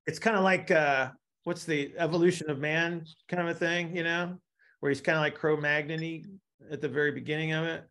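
A man with a somewhat high, gravelly voice teaches a live class. He explains with everyday analogies and keeps checking in with his listeners. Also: fairly even intonation, brisk, sharp tone. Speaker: instructor.

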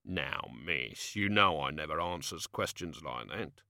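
Man doing gruff working-class barman, grumbling, very slow, crisp dry sound. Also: a bass voice, animated, sharp tone, no echo, pitched below the performer's own voice, exaggerated voice. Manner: slow grumbling speech, dropped grammar.

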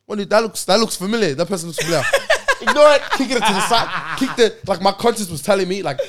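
A young man telling a story in casual chat with friends, animated and laughing, full of slang. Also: high voice, fast, a crowd in the background.

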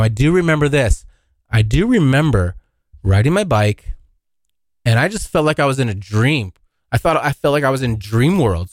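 A young man tells a rambling, profane story on his own podcast, his pitch swinging widely as he acts out the scenes. The sound is dry and close, with little room behind him. The talk stays loose and casual. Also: dry recording. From Washington State, US. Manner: rambling, profane, animated when acting out scenes. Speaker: podcast host.

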